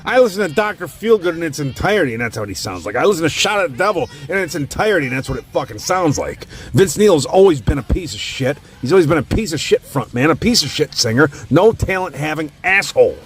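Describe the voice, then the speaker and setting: A man's voice: on the high side, animated, fast talker, hardly any pauses. A man casually ranking music in a profane, opinionated rant. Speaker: host.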